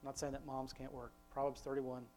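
Faint music plays behind a father leading a family devotion in a rambling, restart-heavy manner, who slows to stress scripture quotations. His medium-pitched voice is dark and monotone.

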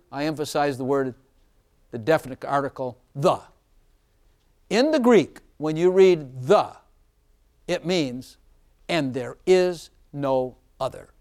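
A man preaching an informal sermon, chatty and often laughing, slowing down to stress scripture lines. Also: fairly high pitch, expressive, a little mellow.

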